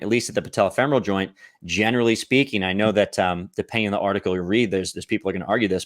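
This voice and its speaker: A fitness coach with a lowish voice walks through exercise technique step by step, often checking in with "right?" and "okay?" The sound is clean studio quality without echo.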